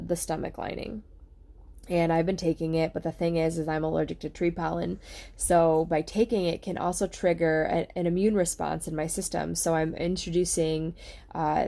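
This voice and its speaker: Candid, rambling woman with a lowish voice. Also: dark tone. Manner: rambling, candid, with many fillers and restarts. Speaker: vlogger sharing a health experience. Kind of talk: casual personal talk to camera. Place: at home, on a couch.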